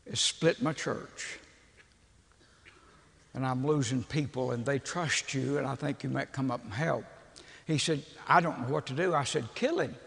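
An older man preaching in a folksy, animated storytelling style. His voice sits high and swings widely, with a gravelly, slightly husky edge. The sound rings with the long reverb of a large hall. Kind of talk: humorous storytelling sermon.

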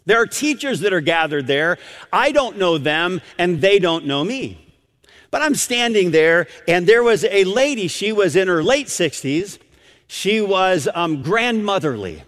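A man's voice: high-pitched, a little slow, in a large hall. A man preaching, telling a story to a crowd and acting out the quotes. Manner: animated, acts out quotes. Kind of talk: sermon storytelling.

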